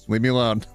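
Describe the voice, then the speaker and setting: A man chatting casually on a live stream, playful and quick to laugh as he thanks viewers. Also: medium pitch, fairly bright tone. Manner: playful, reads donations aloud, laughs often.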